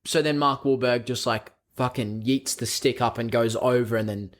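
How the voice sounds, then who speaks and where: A man's voice: mid-range voice, steady tone, normal speed. A man co-hosting a podcast, chatting casually about a film, rambling and swearing often with bursts of laughter. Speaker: podcast co-host. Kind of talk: casual film review chat.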